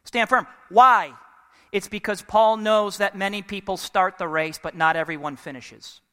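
A man preaching in a church sanctuary, his high, bright voice carrying a long reverb tail. He speaks smoothly and clearly, with fired-up energy, and keeps prompting the congregation to answer back. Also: moderate pace. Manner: energetic, call-and-response with congregation. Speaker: pastor. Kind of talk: sermon.

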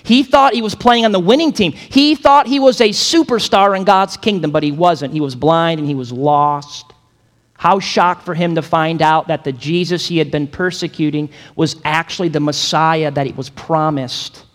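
Pastor guy preaching, kinda high voice, big echoey hall, gets loud and punchy. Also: moderate pace. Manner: dynamic preaching, acts out quotes, builds to emphatic peaks. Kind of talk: sermon.

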